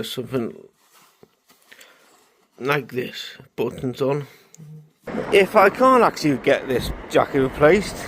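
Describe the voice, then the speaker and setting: Man, slow rambling vlog talk, tired, halting, faint noise behind. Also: fairly high pitch. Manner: rambling, halting, self-correcting. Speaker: vlogger. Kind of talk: casual vlog monologue.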